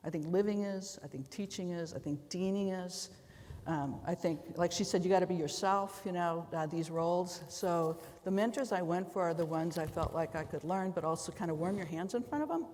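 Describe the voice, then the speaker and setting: A woman law professor speaking on a conference panel, a lively storyteller with quick folksy asides. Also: lowish voice, slight background noise. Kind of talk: panel discussion on stage. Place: large conference hall. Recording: long hall reverb.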